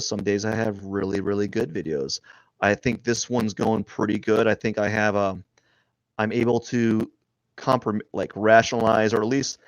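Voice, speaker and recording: A man streaming live as he draws, rambling and thinking aloud, restarting his sentences and often trailing off quietly. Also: on the low side, no room sound. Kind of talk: casual live-stream narration while drawing.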